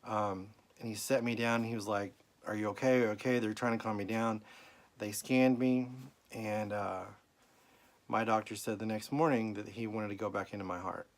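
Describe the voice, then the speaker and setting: Emotional man telling his story. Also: fairly low pitch. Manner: emotional, tearful at times, rambling storytelling. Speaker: vlogger. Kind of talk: personal health update vlog.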